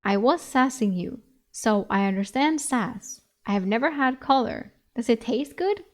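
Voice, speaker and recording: An earnest talking dog who takes every word literally, as a woman reads him aloud. He speaks bluntly and plainly in a fairly high voice, like a storybook companion. Give me that loyal, matter-of-fact tone. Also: animated, measured pace. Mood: puzzled. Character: earnest literal-minded male magic dog. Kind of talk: reading a novel aloud with voices.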